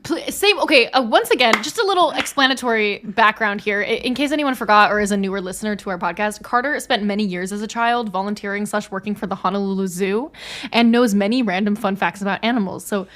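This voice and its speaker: A woman's voice: medium pitch, fast, a bit bright. A woman in her late twenties co-hosting a book podcast, bubbly and giggly as she retells scenes. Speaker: podcast co-host. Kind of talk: casual podcast chat about a book.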